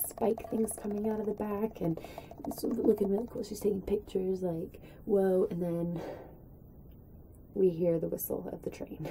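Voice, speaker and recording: A young woman telling a rambling story in a casual vlog, acting out what people said in a higher voice. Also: level tone, measured pace, vocal fry, warm tone, slight background noise, low-quality recording. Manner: chatty, rambling, acts out quotes in a high voice. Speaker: vlogger.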